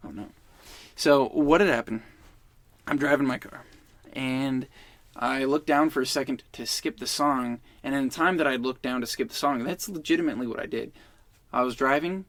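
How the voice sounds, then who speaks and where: A man's voice: mid-range voice, moderate pace, a bit bright, dry recording. A man in his twenties, a podcast guest, telling a rambling, profane story in casual chat.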